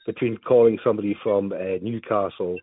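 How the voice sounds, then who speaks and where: A man's voice: lowish voice, fairly even intonation, brisk, a little hiss or hum. A man from Scotland, a claimant, chatting casually and jokingly on a phone call, self-deprecating and swearing freely. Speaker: caller, claimant. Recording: tinny dry phone line.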